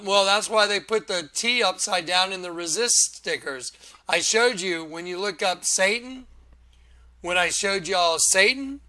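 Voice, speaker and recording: A man hosting his own online video, talking excitedly and preachily through images on his screen. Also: high voice. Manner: animated and preachy, often laughing. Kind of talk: excited commentary over a screen recording.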